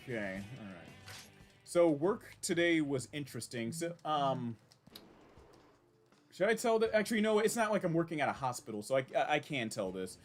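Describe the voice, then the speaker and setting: Male game streamer, lively swooping pitch, rambling chatter, faint game music behind. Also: moderate pace. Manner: rambling, animated, with frequent restarts and reactions. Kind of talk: casual live-stream commentary.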